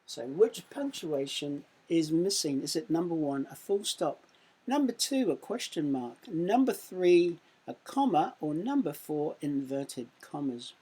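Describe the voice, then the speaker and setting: An English woman teaching young children in a recorded lesson, her voice low and mellow. She reads quiz questions slowly, giving a little extra punch to the sound words, with a slightly husky texture. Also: sing-song, poor audio. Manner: slow, careful quiz reading with sound-effect emphasis. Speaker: primary school teacher.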